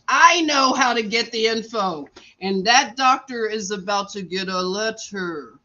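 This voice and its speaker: A woman with a fairly high voice tells a story slowly and chattily on a live stream from a hospital room. She laughs often and acts out what others said. The sound is dull and lo-fi, like a phone stream. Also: pushed and bright.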